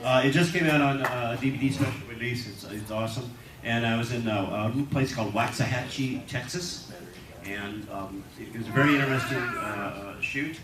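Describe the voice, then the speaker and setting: A man's voice: mid-range voice, moderate pace. A man in his sixties, an actor on a reunion panel, telling rambling anecdotes and laughing at his own stories. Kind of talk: animated anecdotal storytelling. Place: convention hall panel. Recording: echoey hall, distant mic, noisy crowd ambience.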